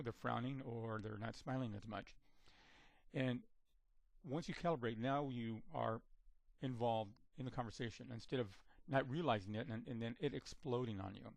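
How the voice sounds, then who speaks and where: A man of average pitch gives an instructional talk in a measured, steady way. He often repeats and restarts words as he lays out each step. The sound is dry and close, with little room around it. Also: creaky, dry recording. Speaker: communication trainer.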